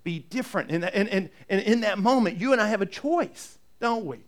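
A pastor with a high-pitched voice preaches at a moderate pace in a conversational way. He repeats words and poses rhetorical questions to the congregation.

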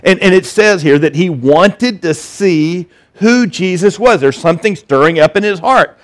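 A man preaching a sermon, animated and conversational, acting out the voices in the story and often restarting his sentences. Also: sits high, unhurried. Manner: animated, acts out scripture voices, many restarts. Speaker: pastor.

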